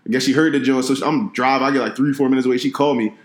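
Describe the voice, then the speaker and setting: Fast-talking young man telling stories. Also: medium pitch, reverberant. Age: young adult. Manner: fast, animated storytelling, quoting his parents. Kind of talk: casual chat.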